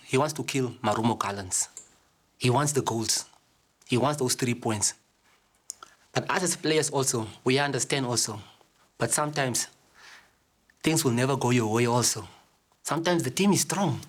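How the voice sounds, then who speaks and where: A man's voice: medium pitch, moderate pace, pauses often. Male footballer, casual reflective interview, mid-range voice. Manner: casual, relaxed, fillers like you know. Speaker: football player.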